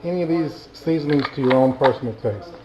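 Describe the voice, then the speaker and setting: A man's voice: medium pitch, fast talker, background noise. A man casually explaining his cooking, step by step as he stirs. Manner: easygoing, explaining as he cooks. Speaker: cook. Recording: muffled, lo-fi.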